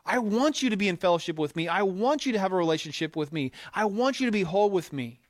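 A man preaches with a fairly high voice and an emphatic, conversational delivery. He slips into quoted asides as he talks to the congregation. The sound is dry, with almost no room echo. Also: lively intonation, quick pace. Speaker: pastor. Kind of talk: sermon.

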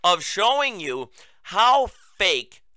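A man hosts a political talk show, his voice high and strikingly bright, cutting and forceful. He talks in a sarcastic, mocking, emphatic way. The sound is smooth and dry, close to the mic. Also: very animated, slow, no room sound. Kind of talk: political commentary monologue.

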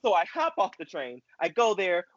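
Young male co-host, expressive and gushing, pitched a bit high, muffled dry recording. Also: moderate pace, dry recording. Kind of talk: casual chat. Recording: dull dry lo-fi sound.

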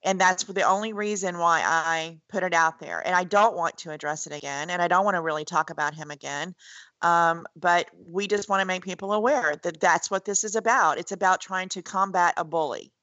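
Woman co-host, blunt and chatty, bright tense tone, lowish voice, dry close mic. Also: a little fast, dry recording, dull audio. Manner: blunt, chatty, retells scenes with quoted voices. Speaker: podcast co-host. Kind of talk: casual chat recapping a TV show.

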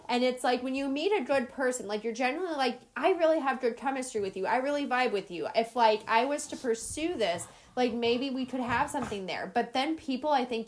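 Chatty young woman, higher voice. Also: slight background noise. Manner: rambling, heavy use of filler "like". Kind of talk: casual chat.

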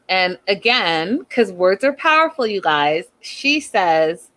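A woman in casual chat, recapping a reality show in a gossipy, animated way and quoting the cast as she goes. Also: medium pitch, slow, hardly any pauses. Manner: chatty, gossipy, animated retelling with quoted lines.

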